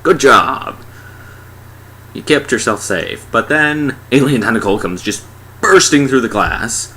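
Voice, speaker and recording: Sarcastic young man with a lively voice. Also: medium pitch, moderate pace. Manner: sarcastic, mocking, playful. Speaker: movie reviewer. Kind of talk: casual spoken movie review.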